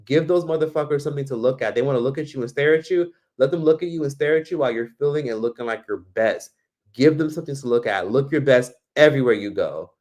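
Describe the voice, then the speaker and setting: A man's voice: mid-range voice, fast, darkish tone. A man from Miami hosting a casual livestream, reading comments and giving blunt, profane advice. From Miami, United States. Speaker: livestream host.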